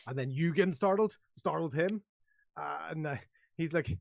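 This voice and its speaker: A man's voice: a little high, normal speed, creaky, no echo, highs cut off. A man narrating as game master of a tabletop game, talking hesitantly with lots of fillers.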